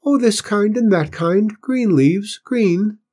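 A small, eager stable boy with a clear, squeaky little voice, pitched far above the reader's own, as a man puts him on in a storybook reading. He answers politely and earnestly, with a soft, slightly husky edge. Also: slow pace.

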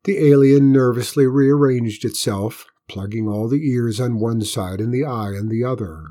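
A man narrating a children's story in a lively, expressive reading voice. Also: mid-range voice, normal speed.

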